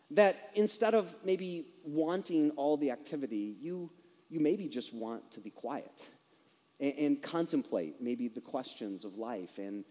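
A man's voice: medium pitch, warm tone, long reverb tail. A man preaching a sermon in a conversational way, asking his listeners rhetorical questions.

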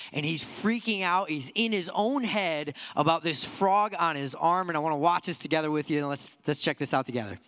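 A man's voice: fairly high pitch, a bit bright, big-room sound. A man preaching a sermon to a church congregation in an earnest, conversational way, asking his listeners many rhetorical questions. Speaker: pastor.

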